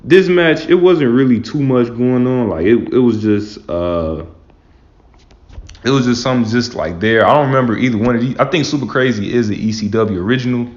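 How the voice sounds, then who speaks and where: A man's voice: mid-range voice, fairly quick, a little mellow. A man hosting his own casual commentary as a wrestling fan, talking loosely and rambling with lots of "man" and "like". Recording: roomy, dull lo-fi sound.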